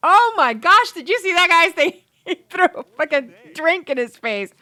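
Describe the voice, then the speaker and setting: A woman's voice: extremely high pitch, big pitch swings, normal speed, bright, forceful tone. A woman hosting a casual let's play, chatting freely and swearing as she narrates the game. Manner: chatty, swears, laughs, voices characters. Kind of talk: casual gameplay commentary.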